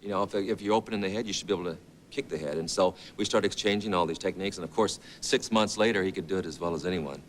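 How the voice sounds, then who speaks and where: A man in his fifties, an actor appearing as a talk show guest, tells rambling anecdotes packed with quoted dialogue in casual storytelling. His voice sits low and he talks very fast. Recorded in a TV studio, there's a little hiss or hum.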